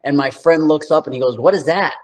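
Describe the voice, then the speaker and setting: A man's voice, a little high, a little fast and a little mellow, comes through a low-quality recording. He's an actor from New York in his thirties, chatting as an interview guest and spinning loose, slangy stories full of "like" and other fillers.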